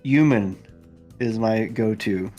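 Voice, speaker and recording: A man guesting on a podcast, a truck driver talking in relaxed, easygoing casual chat. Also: fairly low pitch, takes it slowly, faint music behind. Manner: relaxed, easygoing, laughs along.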